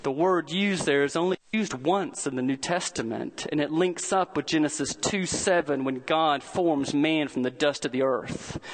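Man, pastor, sermon, high-pitched, earnest storytelling, slowed emphasis. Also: poor audio.

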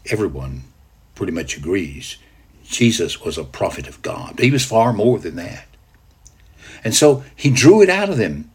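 A man preaching a sermon, drawing listeners into a scene he narrates as "you", moving from loud declarations to hushed tones. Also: fairly low pitch, big pitch swings, normal speed, breathy edge. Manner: dramatic guided storytelling, swinging from loud to hushed.

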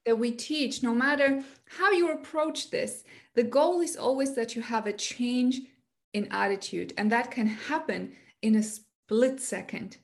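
A woman with a fairly high voice, speaking as an anxiety coach on a podcast. She shares personal stories with lively energy, in a casual conversational tone. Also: unhurried.

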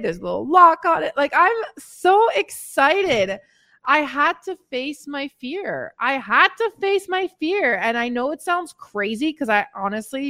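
Lively, chatty woman fitness coach. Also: fairly high pitch. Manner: chatty and candid, addresses listeners as ladies, occasional swearing. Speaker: weight-loss fitness coach. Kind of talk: casual motivational podcast monologue.

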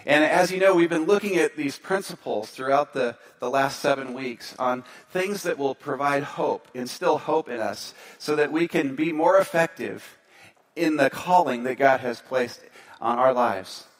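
A male pastor preaching a sermon, telling a story with lively energy and leading a quiet prayer. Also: medium pitch, measured pace. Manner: storytelling, animated, then softer in prayer.

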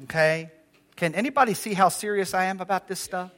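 An older man preaching a sermon as pastor, conversational and lively, calling out questions to the congregation in a church. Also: sits high, a little fast. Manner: lively, conversational preaching with audience call-outs.

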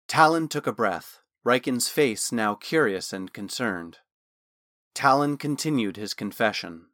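A man narrates a fantasy story in a steady, measured way. His voice sits at a middle pitch. The recording is dry and close with no room sound. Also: no room sound. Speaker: audiobook narrator. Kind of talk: scripted narration.

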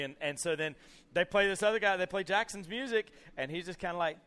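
Man, young, camp speaker; bright, slightly high voice, lively storyteller who acts everything out. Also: a little fast, clear, resonant tone. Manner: animated storyteller acting out scenes, many "you know" fillers. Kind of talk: storytelling sermon to youth.

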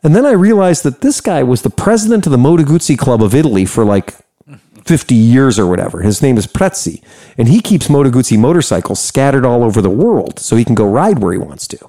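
An American man casually telling a story, animated and profane, laughing often. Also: medium pitch, a little fast. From United States.

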